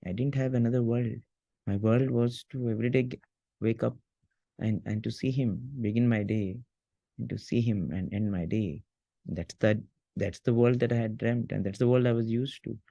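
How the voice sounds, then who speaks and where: A man, an interview guest, talking in an earnest, halting way with frequent restarts as he recounts a personal memory. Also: mid-range voice, fairly even intonation, vocal fry, mellow, no room sound, dull audio. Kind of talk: emotional personal reminiscence.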